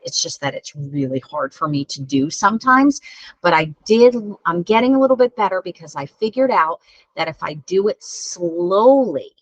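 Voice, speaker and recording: Low-voiced woman leading a kids' breathing lesson. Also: expressive, moderate pace, dry recording, low-quality recording. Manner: gentle, encouraging, self-deprecating. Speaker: mindfulness teacher for children. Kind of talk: guided breathing lesson for kids.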